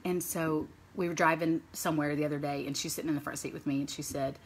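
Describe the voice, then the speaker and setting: A woman in her thirties, a mother, chats to camera in a casual vlog. Her voice sits a little low, and she rambles from one thought to the next. A faint hiss of noise runs under the recording. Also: steady tone, quick pace. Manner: chatty and rambling, stringing thoughts with "and so". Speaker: mother sharing parenting stories.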